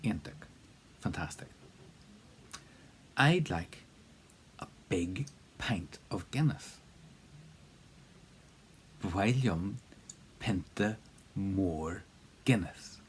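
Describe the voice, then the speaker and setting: A man's voice: deep voice, expressive, drawn-out words, long pauses, a little hiss or hum. A man teaching a spoken language lesson in a casual, encouraging way, with plenty of fillers and repeated drill prompts.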